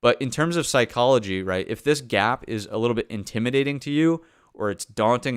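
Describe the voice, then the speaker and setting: On his live pre-market stream, a male market analyst walks through the charts conversationally, thinking out loud with fillers and regular "right?" check-ins. His medium-pitched voice is brisk and clean, recorded in studio quality with no room sound.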